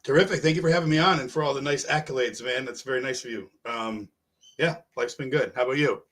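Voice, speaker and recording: A man's voice: mid-range voice, quick pace, a bit bright, a little hiss or hum. A middle-aged man, a podcast guest, chatting casually in a rambling, profane, self-deprecating way. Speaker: podcast guest, MMA fighter.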